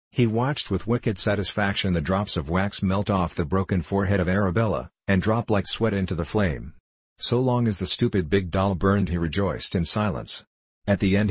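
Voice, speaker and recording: Deep, husky male audiobook narrator. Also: no echo. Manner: steady, measured storytelling. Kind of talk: scripted narration of a classic novel.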